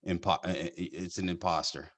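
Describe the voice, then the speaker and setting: Very deep-voiced male podcast host. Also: steady tone, moderate pace, a bit bright. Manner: storytelling, laughs often, restarts sentences. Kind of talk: casual chat.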